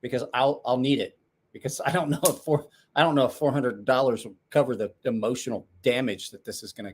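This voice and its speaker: A man's voice: mid-range voice, slightly rough. Rambling casual male livestreamer. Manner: rambling, self-correcting, chatty. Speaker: livestream host.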